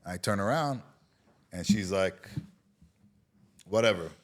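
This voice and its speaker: A man's voice: low-pitched, takes it slowly. A middle-aged man from Israel, a guest in a casual interview, telling a story with swearing and acted-out quotes. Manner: animated, swearing storyteller who acts out quotes.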